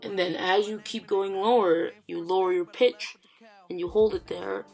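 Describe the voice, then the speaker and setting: A man's voice: sits high, steady tone, moderate pace, creaky, darkish tone. A man casually giving advice in a vlog, rambling and joking with fillers and asides.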